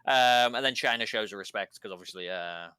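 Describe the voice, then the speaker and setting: Smooth-voiced man recapping casually. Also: lowish voice, fairly quick, sharp tone, dry recording. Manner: rambling, filler-heavy play-by-play retelling. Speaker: podcast co-host.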